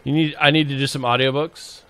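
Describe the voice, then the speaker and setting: A game streamer livestreams a survival game, joking around with his chat and even talking to the zombies. His mid-range voice is bright and pushed, holding a steady tone at a fairly quick clip.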